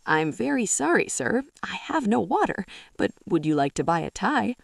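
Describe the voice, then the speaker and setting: A woman's voice: on the low side, big pitch swings, moderate pace, gravelly, no echo, full character voice. A woman voicing a mild, polite old man who speaks in a courteous, apologetic way.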